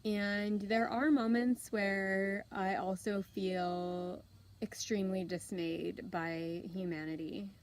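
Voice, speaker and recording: A woman in her thirties, hosting, telling a personal story in an open, earnest, unhurried way with soft pauses. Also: mid-range voice, steady tone, rough recording. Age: 30s. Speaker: host.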